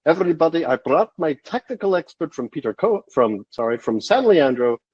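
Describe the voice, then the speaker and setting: A man putting on a Swedish accent to play a male colleague briskly announcing a guest speaker. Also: a little high, sing-song, a little mellow, breathy edge, dry recording, far from the mic, muffled recording, voice pushed up. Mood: cheerful. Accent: Swedish, put on.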